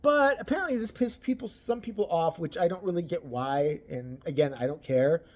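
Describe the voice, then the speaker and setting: A person ranting about celebrity gossip, crude and mocking, swearing constantly and swinging between loud outbursts and low mutters. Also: normal speed. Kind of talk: profane ranting commentary.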